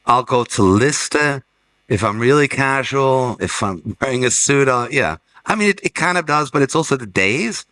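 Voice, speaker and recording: A man's voice: medium pitch, animated, normal speed, sharp tone, rough recording. A man, an art fair director, chatting on a panel and telling anecdotes with restarts. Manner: anecdotal, restarts and laughs while telling stories. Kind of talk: casual panel conversation. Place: fair talk stage.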